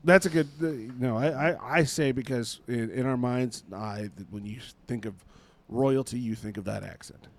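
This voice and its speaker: A man's voice: medium pitch, vocal fry. A man with a mid-range voice chatting on a podcast. He rambles and stalls, hunting for words and poking fun at himself. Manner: rambling, halting, self-deprecating. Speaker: podcast co-host. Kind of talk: casual chat.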